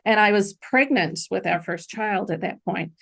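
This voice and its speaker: Gravelly-voiced woman telling her own story. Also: mid-range voice, moderate pace, fairly bright tone. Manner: earnest, reflective storytelling. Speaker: podcast guest. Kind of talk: personal story in a podcast interview.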